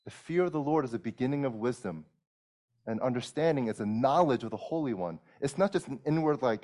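A man's voice: mid-range voice, animated, fairly quick, warm tone. Earnest male preacher with frequent restarts. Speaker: pastor. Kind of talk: sermon.

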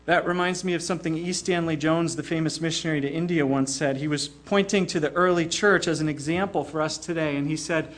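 High-voiced older man preaching. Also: steady tone, fairly quick, hardly any pauses. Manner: earnest, repeats small words when starting phrases. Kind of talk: sermon.

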